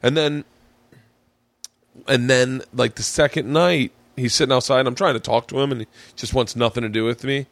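Animated profane man telling a story. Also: medium pitch, moderate pace, gravelly, no echo. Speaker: podcast host. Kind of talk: casual storytelling chat.

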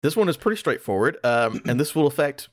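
A man co-hosting a comedy podcast, reading absurd sponsor copy in a dry, deadpan way. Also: medium pitch, brisk, no echo. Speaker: podcast co-host.

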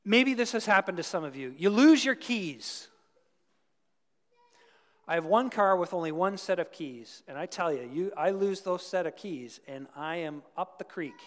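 A man's voice: sits high, lively intonation, moderate pace. A Canadian-born man preaching a sermon in a chatty, folksy way, asking his listeners questions. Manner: conversational, folksy, asks the crowd questions. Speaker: pastor. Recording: long reverb of a large hall.

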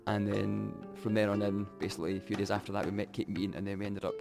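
A young Scottish man telling his own story candidly, reflective and halting, often restarting his sentences. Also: fairly low pitch, level tone, vocal fry, over music.

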